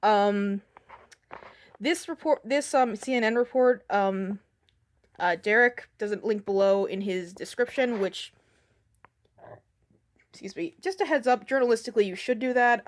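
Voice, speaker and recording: A woman's voice: mid-range voice, a little slow, long pauses. A woman giving a casual commentary rant in reply to another video, sarcastic and profane, with frequent ums.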